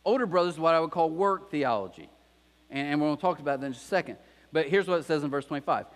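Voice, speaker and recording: A male pastor delivers a sermon with a high voice that swoops up and down as he tells the story. He drops into little acted-out voices for the characters. His voice carries a long reverb from a large church hall. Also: lively intonation, fast. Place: church auditorium.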